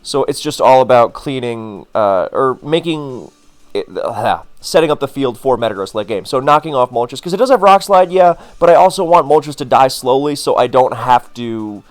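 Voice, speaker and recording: A man's voice: medium pitch, animated, normal speed. A man casually commenting on his own game, rambling into wry asides with plenty of fillers. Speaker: gaming commentator.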